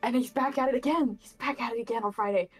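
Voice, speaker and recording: A woman's voice: fairly high pitch, fast, soft background music. A woman player in a tabletop game, chatting casually after the session and piling up words for emphasis. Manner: emphatic, piles up words when excited.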